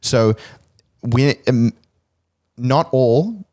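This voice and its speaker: A man's voice: medium pitch, drawn-out words. A young Australian man co-hosting a podcast, giving blunt opinions in casual chat. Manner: blunt, animated, mimics voices in anecdotes. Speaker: podcast co-host.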